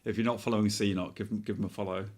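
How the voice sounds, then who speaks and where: Soft-spoken British man, low voice. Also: level tone, very fast. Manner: rambling, soft-spoken, prone to tangents. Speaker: Twitch streamer. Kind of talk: casual chat while streaming.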